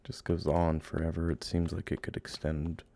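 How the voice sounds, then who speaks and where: A man giving let's play commentary, playfully cooing at game creatures and drifting into hushed, musing narration. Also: extremely low pitch, completely flat delivery, normal speed, vocal fry, slight background noise. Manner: playful, coos and baby-talks at game creatures. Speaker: game streamer.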